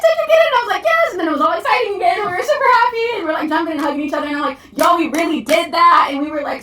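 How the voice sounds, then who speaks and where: A young woman with a Southern accent, a content creator telling her story in a chatty, excitable way, full of "like". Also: mid-range voice, a little hiss or hum. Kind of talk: casual vlog storytelling. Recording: echoey, distant mic.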